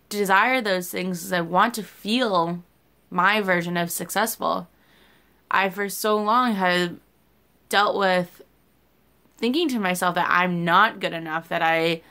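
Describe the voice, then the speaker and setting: A woman's voice: lowish voice, sharp tone, clear, resonant tone. A young woman in a casual vlog, talking candidly and rambling, swearing freely as she shares personal stories. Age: young adult. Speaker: YouTuber.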